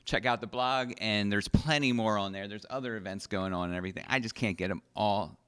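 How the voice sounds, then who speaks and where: A man's voice: lowish voice, brisk, fairly bright tone, smooth. A man co-hosting a local talk show on location at a winery, eagerly agreeing and chiming in. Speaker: co-host, realtor. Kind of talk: casual chat.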